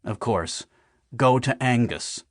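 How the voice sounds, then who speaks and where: A man narrating an audiobook in the first person with wry, deadpan humor on a close studio mic. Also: mid-range voice, takes it slowly, no room sound.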